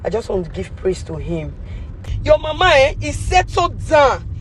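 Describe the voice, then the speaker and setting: A hoarse Nigerian woman giving an effusive, emotional thank-you message full of praise and blessings. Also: fairly high pitch, big pitch swings, normal speed.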